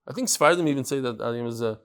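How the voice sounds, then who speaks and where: A man giving a lively daily Talmud class, mixing in Hebrew and Yiddish terms and acting out quotes. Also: mid-range voice, very fast. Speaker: Talmud teacher.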